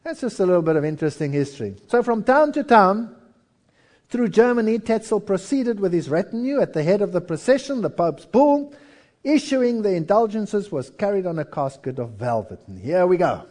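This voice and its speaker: Here a preacher whose voice sits high speaks at normal speed, turning his sermon into lively storytelling about history and performing the characters' voices.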